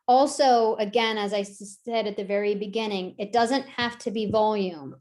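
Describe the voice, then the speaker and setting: A woman's voice: mid-range voice, steady tone, normal speed, a little mellow. Give me a woman giving a casual, chatty dog-training workshop. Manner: conversational, acts out quoted voices, frequent "right?" tags. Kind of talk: online workshop talk.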